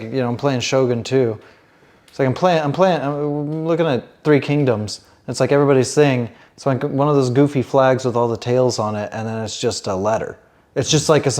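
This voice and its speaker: A man co-hosting a comedy podcast, rambling and swearing as he chats casually. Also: medium pitch. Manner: rambling, animated, swears often. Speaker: podcast co-host.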